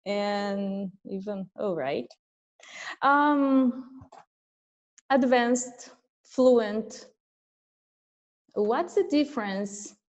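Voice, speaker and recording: A woman English teacher hosting an online class, explaining in casual chat. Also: mid-range voice. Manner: explains slowly, with frequent laughs. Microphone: video call. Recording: dull lo-fi video call audio.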